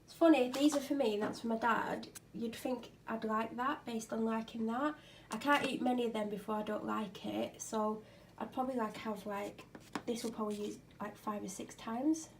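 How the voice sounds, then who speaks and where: A woman's voice: on the high side, fairly even intonation, moderate pace, noisy background. Chatty, tired woman vlogging at home. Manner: chatty, rambling, self-mocking. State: ill and tired. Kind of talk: casual chat. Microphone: clip-on microphone.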